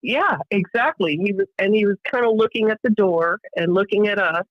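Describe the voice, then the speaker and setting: A woman's voice: medium pitch, moderate pace, no echo, dull audio. A middle-aged woman, a guest on a podcast, tells an emotional personal account vividly and acts out what other people said. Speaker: interview guest.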